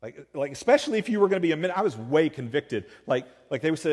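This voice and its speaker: A male pastor giving a sermon in a casual, conversational way, with lively rises to emphatic high points. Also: racing, hardly any pauses. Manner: animated, conversational, with rising emphatic peaks. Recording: long reverb of a large hall.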